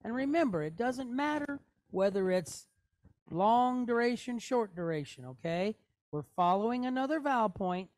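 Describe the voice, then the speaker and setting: A woman's voice: a little high, expressive, moderate pace, a little mellow, no room sound. A woman teaching a Hebrew reading lesson, going step by step and checking in often with her students. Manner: patient, step-by-step, checking in with "okay? right?". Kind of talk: classroom lesson.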